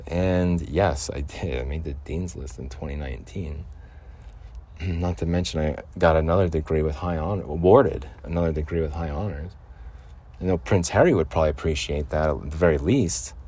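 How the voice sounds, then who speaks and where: A man's voice: low voice, normal speed, a little mellow, husky. An older man hosting his own podcast from a makeshift vocal booth, talking in a loose, rambling way, jumping between topics and chuckling often. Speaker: podcast host. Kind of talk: casual rambling podcast monologue.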